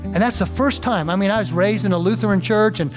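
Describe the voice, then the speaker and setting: A man's voice: sits high, fast, music in the background. A middle-aged male pastor preaching a sermon, telling a story earnestly and building it to emotional peaks. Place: church.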